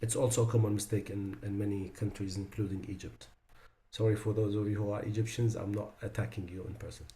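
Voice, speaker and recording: A man's voice: on the low side, little pitch movement, mellow. A man teaching a class on Quran recitation. He explains pronunciation mistakes, drawing out and repeating the sounds he models, with loose, conversational asides. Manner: explanatory, demonstrates pronunciations slowly and repeats them. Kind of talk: online class lecture.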